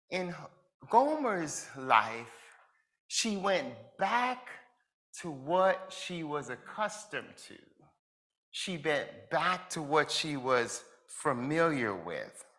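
Male preacher, unhurried, bright and animated, conversational sermon with questions to the congregation. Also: fairly high pitch. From Jamaica. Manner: asks the listeners reflective questions, chuckles between points.

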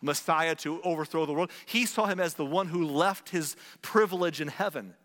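A man preaching a conversational sermon, asking rhetorical questions and slowing down for dramatic emphasis. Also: a little high, a bit bright, long reverb tail. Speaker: pastor.

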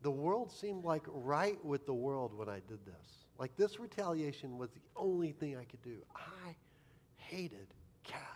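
Self-mocking pastor telling a funny story. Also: male voice, fairly high pitch, sing-song, moderate pace, hardly any pauses, darkish tone. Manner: humorous, self-deprecating storyteller. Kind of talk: sermon storytelling.

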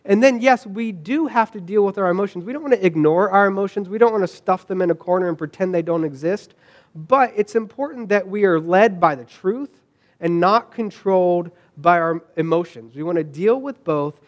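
High-voiced man preaching a sermon. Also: moderate pace. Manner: conversational, with repeated restarts and asides to the congregation. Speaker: pastor.

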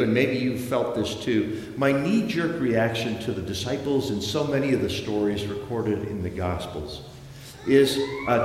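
A man preaching a slow, deliberate sermon, telling the story dramatically and acting out the voices he quotes. His voice rings through a large church hall with long, echoing reverb. A faint ambience hangs in the room behind him. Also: mid-range voice, slight background noise.

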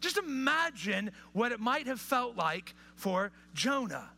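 High bright-voiced preacher, hushed to impassioned. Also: male voice, big pitch swings, slow, gravelly. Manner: swings between hushed intimate asides and rising impassioned appeals. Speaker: pastor. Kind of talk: sermon. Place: church or hall with live audience.

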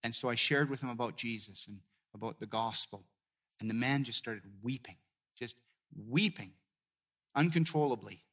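A man's voice: medium pitch, normal speed. Man preaching a personal story. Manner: storytelling, many restarts, drops to a hushed tone in emotional moments. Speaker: guest pastor.

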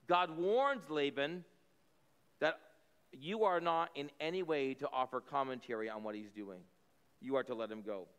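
High-voiced guy preaching, reads a verse then explains it chatty-like, echoey hall. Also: fairly bright tone, clear, resonant tone. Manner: conversational, explanatory asides. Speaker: pastor. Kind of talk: sermon, reading scripture with commentary.

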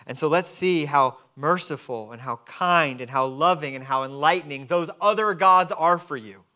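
Bright, high-voiced man preaching a sermon. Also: moderate pace. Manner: animated, acts out quoted voices of God and people. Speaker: pastor. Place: church service.

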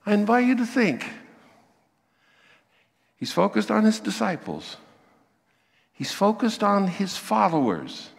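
A man preaching a sermon, acting out the voices he quotes with lively emphasis. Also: high voice, creaky, in a large hall. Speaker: pastor.

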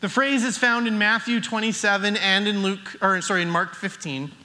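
High, bright-voiced male preacher. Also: fairly even intonation, moderate pace. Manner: earnest, builds emphasis with restarts. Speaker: pastor. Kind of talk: sermon.

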